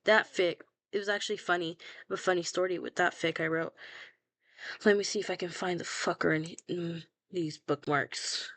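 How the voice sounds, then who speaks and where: A woman's voice: fairly low pitch, steady tone, normal speed, fairly bright tone, no room sound. Dry, blunt young woman, casual rambling. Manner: blunt, swears a lot, laughs at herself. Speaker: fanfiction writer scrolling her own archive. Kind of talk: casual chatty commentary.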